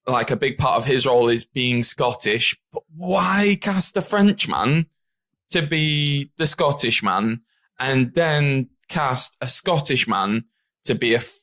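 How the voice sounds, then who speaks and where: A man's voice: medium pitch, slow. A man hosting a podcast in casual chat, laughing often and swearing freely. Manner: laughing, lively and profane. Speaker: podcast host.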